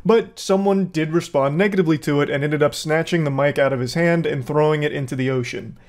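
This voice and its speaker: A man talks over video clips in a blunt, sarcastic commentary style, heavy with profanity. His voice sits a little high for a man. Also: a little fast. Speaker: commentary host.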